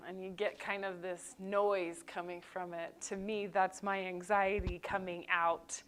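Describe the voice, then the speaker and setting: A woman's voice: lowish voice, fairly bright tone. A woman co-hosting a casual chat, reflective and sharing her own habits. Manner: reflective, shares personal habits.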